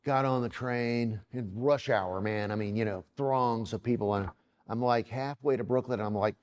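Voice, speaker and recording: A man's voice: mid-range voice, moderate pace, a little mellow. A man, an illustrator, telling a rambling story and acting out the quoted dialogue in it. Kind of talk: casual anecdotal storytelling.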